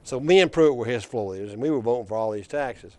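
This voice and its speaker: A man's voice: medium pitch, animated, quick pace, darkish tone, no echo. An older man, a former state legislator telling political anecdotes in a rambling, conversational way. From Alabama. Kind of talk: storytelling in casual conversation.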